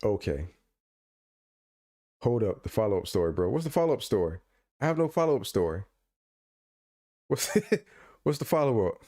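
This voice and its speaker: Speaking in a lowish voice at a moderate pace, this podcast co-host pauses often. He's animated in casual chat, telling stories, ranting playfully, and repeatedly circling back and restarting.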